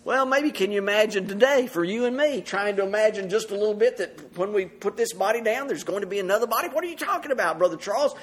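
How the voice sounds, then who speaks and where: A man's voice: sits high, fast talker, hardly any pauses. A man preaching a sermon to a congregation, earnest and often laughing as he speaks. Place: church service with congregation.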